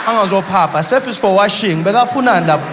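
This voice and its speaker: A man's voice: sits high, expressive, fast, background noise. Man playing a grandmother, elderly, stern, scolding, disbelieving. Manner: incredulous, scolding.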